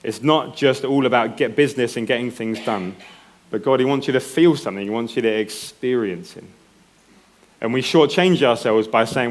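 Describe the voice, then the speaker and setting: A man's voice: mid-range voice, moderate pace. A man preaching a sermon in a conversational way, often checking in with the congregation. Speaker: pastor.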